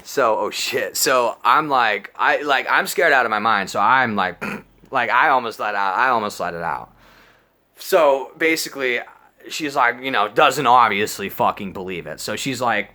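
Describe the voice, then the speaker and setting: A man in his twenties telling a crude personal story, slangy and animated, full of dude and bro. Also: mid-range voice, normal speed. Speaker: storyteller vlogger. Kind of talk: casual storytime monologue.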